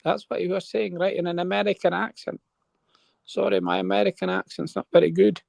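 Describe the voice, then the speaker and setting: High gravelly guy rambling thru a story on a live panel, keeps asking right?. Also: level tone, brisk, a little mellow, dry recording.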